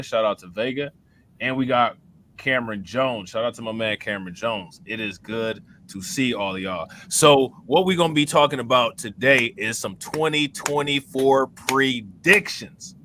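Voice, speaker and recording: A man hosting a casual livestream podcast, laid-back and slangy, giving shout-outs to viewers. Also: mid-range voice, a little hiss or hum. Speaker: podcast host.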